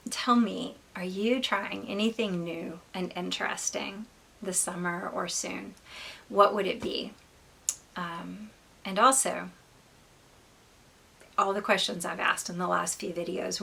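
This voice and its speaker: A woman's voice: mid-range voice, fairly even intonation, slow, vocal fry, long pauses, a bit bright, husky. A woman hosting a knitting podcast, chatting casually and rambling with lots of filler words while sounding congested. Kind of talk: casual chat to camera.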